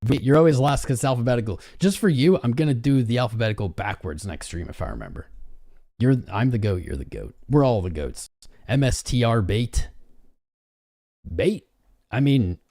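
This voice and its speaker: A man hosting a live trading stream, hyping up his chat and reading viewer names one after another. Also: vocal fry. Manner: hypes up chat, reads out viewer names rapidly; animated, swings between loud and low. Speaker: livestream host.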